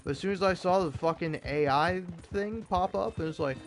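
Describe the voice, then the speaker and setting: A man's voice: high-pitched, moderate pace, faint music behind. A young American man ranting with heavy profanity and stammered restarts while commenting over gameplay. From United States. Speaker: gaming YouTuber.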